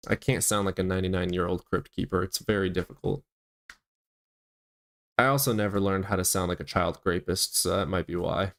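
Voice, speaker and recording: Low guy w a gravelly voice, taunting and swearing, chatting on his stream. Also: steady tone, a little fast, fairly bright tone. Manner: provocative, taunting, crude. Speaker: livestream host. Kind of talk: casual livestream chat.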